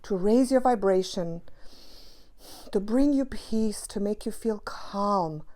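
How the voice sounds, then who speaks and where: A woman's voice: mid-range voice, slow pace, warm tone. A woman teaching spiritual practice to camera, passionate and emphatic, repeating key phrases for stress.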